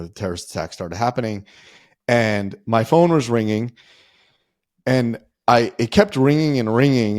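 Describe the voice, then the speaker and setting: A man's voice: lowish voice, a little mellow, no echo, clean studio sound. A man in his forties, a podcast guest, telling a personal story in a rambling, conversational way with lots of fillers. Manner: rambling, frequent "like" and "you know" fillers.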